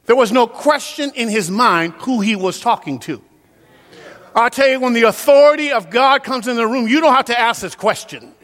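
High-voiced preacher in a reverberant hall. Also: male voice, animated, moderate pace. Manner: preaching with sudden loud peaks and soft drops. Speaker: pastor. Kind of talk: sermon. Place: church sanctuary.

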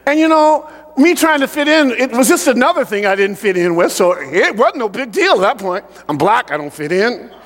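A man preaching a sermon with personal testimony in an animated way, joking with the congregation. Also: very high voice, moderate pace, long reverb tail.

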